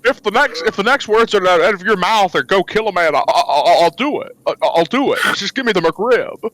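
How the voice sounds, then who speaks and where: A man's voice: high-pitched, expressive, fairly quick, fairly bright tone, poor audio. A man doing a stammering old-time film star begging for food, stuttering and repeating every word. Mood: desperate. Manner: stuttering, repeating words, pleading. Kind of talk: comedic impression on a podcast.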